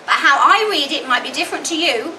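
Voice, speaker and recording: Bright, lively woman teaching phonics. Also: sits high. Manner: deliberate, sounds out words slowly into separate speech sounds. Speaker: literacy teacher. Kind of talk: instructional explanation. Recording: roomy echo, distant mic, faint background noise.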